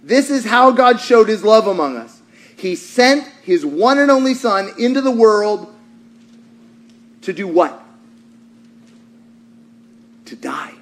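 A male pastor preaching a sermon in a church, animated, swinging from shouts down to hushed lines. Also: high voice, slow pace, pauses often.

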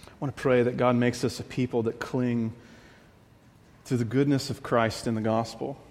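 A man's voice: medium pitch, level tone, moderate pace, a little mellow, long reverb tail. A man preaching a sermon as pastor, earnest and confessional, often repeating his phrases as he builds a point.

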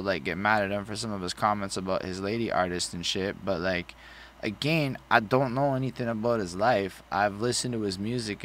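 Loose-talking man reviewing music, low voice. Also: a bit bright, slight background noise. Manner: loose, profane, rambling. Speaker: podcast co-host reviewing an album. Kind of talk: casual album review chat.

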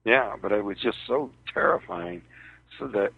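Over a tinny radio phone line, a man being interviewed falters as he tells of a personal ordeal. His voice is fairly low, creaky and husky.

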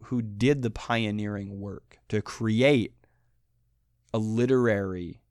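A man teaching a lecture on poetry, animated and emphatic, who chants the rhythms of the lines aloud. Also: on the low side, slow, dry recording, studio quality.

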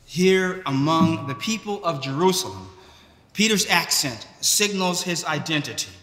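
Slow-preaching man in an echoey church. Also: fairly high pitch, animated, fairly bright tone. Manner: slow, measured preaching with occasional restarts. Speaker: priest. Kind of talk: sermon. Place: large church.

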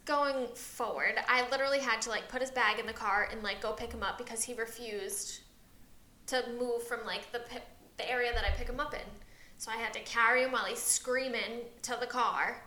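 A woman's voice: a little high, steady tone, fairly quick, sharp tone, reverberant. A woman co-hosting a casual podcast, rambling through a long story about her son and acting out his lines. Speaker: podcast co-host. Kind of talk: casual chat.

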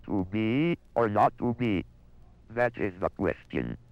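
An early computer speech synthesizer producing a male voice with a flat electronic twang and a slow, mechanical delivery. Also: lowish voice, dry recording. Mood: solemn. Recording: dull lo-fi archival recording.

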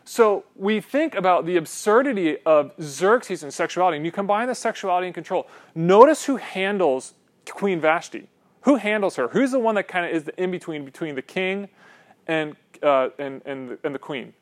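A man preaching a sermon in an animated, joking way, asking his listeners questions. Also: sits high, moderate pace. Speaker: pastor.

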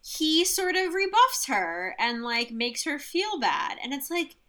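A woman co-hosting a podcast who recaps a film in a relaxed, chatty way. Her voice is bright and a little high, and her sentences are strung together with plenty of "like". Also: a little slow. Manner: casual, frequent "like" fillers. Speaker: podcast co-host. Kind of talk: casual film discussion.

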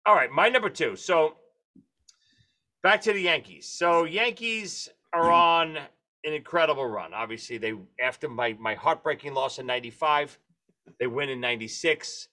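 A man's voice: fairly high pitch, normal speed, sharp tone. A man in casual sports chat, blunt and swearing freely.

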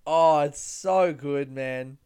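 A man hosting his own podcast in a loose, rambling chat, teary and laughing through tears as he swears and gets excited. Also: a little high, slow, smooth. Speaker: podcast host. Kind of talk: casual solo podcast chat.

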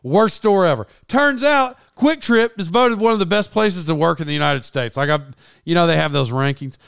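Oklahoma guy, slight twang, chatty podcast storyteller, gravelly but clean tone, dry close mic. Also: on the high side, moderate pace, a bit bright, no room sound. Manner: rambling, self-correcting, laughs often. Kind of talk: casual storytelling chat.

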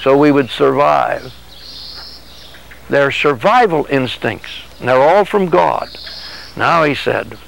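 A man's voice: mid-range voice, animated, takes it slowly, gravelly, pauses often, fairly bright tone, slight background noise, low-quality recording. A man preaching a sermon in an earnest way, acting out dialogue as he teaches. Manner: earnest, acts out dialogue with God and his body.

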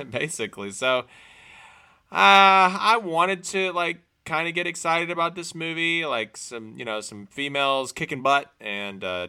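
A man's voice: medium pitch, bright, forceful tone, clear, resonant tone. A man co-hosting a casual movie chat, talking in a loose, rambling way. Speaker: podcast co-host.

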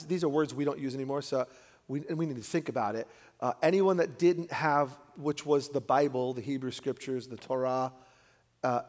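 Animated man preaching in a reverberant hall. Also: medium pitch. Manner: animated, swings between loud emphatic peaks and quiet asides. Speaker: pastor. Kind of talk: sermon.

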